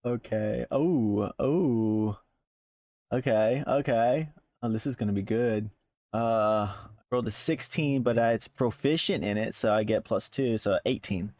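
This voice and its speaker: A man's voice: medium pitch, measured pace, darkish tone, dry recording, clean studio sound. Giggly male tabletop player. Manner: giggly, playful, laughs often. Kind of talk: casual tabletop game chat.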